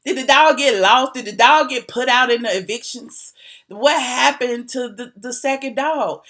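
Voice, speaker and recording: A woman's voice: high-pitched, normal speed, fairly bright tone. A woman vlogger giving sassy, casual gossip commentary, repeating herself for emphasis and laughing between lines. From Atlanta, US. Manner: sassy, repetitive, laughing asides.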